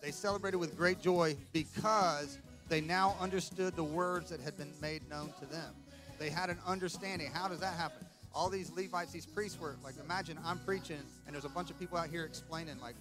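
Conversational pastor preaching over music. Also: male voice, high voice, fairly even intonation, normal speed. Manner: conversational, emphatic, frequent "right?" asides. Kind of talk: sermon. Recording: clear music under the voice.

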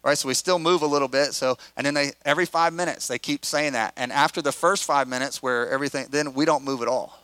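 A middle-aged man, a pastor, telling a story in an animated, conversational way with acted quotes. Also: mid-range voice, fast, few pauses, smooth, no echo. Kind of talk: storytelling sermon.

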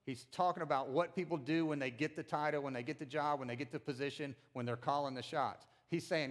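A middle-aged man giving a conversational sermon as a pastor, animated and acting out voices of the people in the story. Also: medium pitch, brisk, few pauses.

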